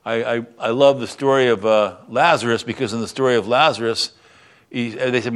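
A man's voice: medium pitch, steady tone, fairly quick. A male pastor preaching a sermon, reading a Bible passage aloud and then explaining it in a conversational teaching manner.

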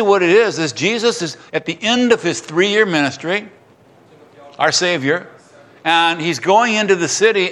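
A man's voice: on the high side, a bit bright. A man preaching a sermon, reading scripture aloud and retelling it in casual everyday words.

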